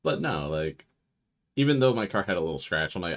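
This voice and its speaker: A man's voice: low voice, a little fast. A young man on a game stream, telling a long, swearing-laced story and mimicking the people in it. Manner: swears freely, animated storytelling with voiced quotes. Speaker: let's play streamer. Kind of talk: casual chat.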